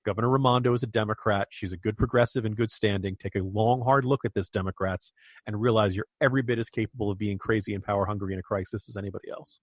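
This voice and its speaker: Indignant American man, low and dry. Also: steady tone, fast talker, dry recording. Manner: emphatic, indignant, with filler restarts. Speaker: podcast co-host. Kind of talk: political commentary.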